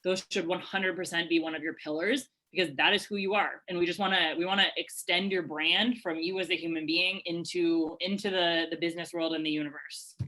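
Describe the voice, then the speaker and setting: A woman coaching attendees on a live video-call webinar, her voice bright and a touch low. She talks in an energetic, chatty way, full of fillers and quick asides. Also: low-quality recording. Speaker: webinar presenter answering questions. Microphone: webcam video call.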